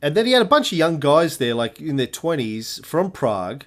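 A man, a podcast co-host telling a lively anecdote in casual chat, swearing freely. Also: a little high, moderate pace. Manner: animated storyteller, swears freely.

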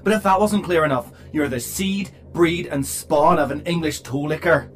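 A man's voice: a little high, normal speed, fairly bright tone, soft background music, close to an everyday voice. A man voicing a rude, brash male ship computer in a comedy audio drama, trading crude insults. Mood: insulting. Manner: brash, trades crude insults, turns meek when threatened.

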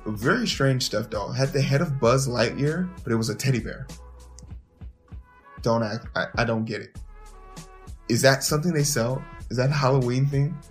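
Man, podcast host, animated profane storytelling, stumbles over his words, faint music underneath. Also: medium pitch, moderate pace, pauses often. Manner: profane, animated, repeats words when starting sentences. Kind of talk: storytelling monologue.

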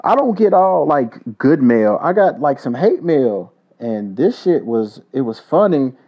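A man's voice: on the high side, very animated, a little slow. Man ranting on a lo-fi podcast. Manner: profane, heated, storytelling. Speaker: podcast host. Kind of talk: casual solo podcast rant. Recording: dull lo-fi recording.

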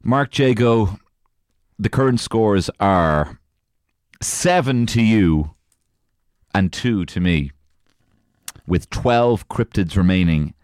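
A man's voice: fairly low pitch, expressive, takes it slowly, pauses often, darkish tone, no echo, studio quality. A man co-hosting a podcast, bantering and swearing as he keeps score in a card game. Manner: swearing, joking, teasing. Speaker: podcast co-host. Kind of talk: casual banter.

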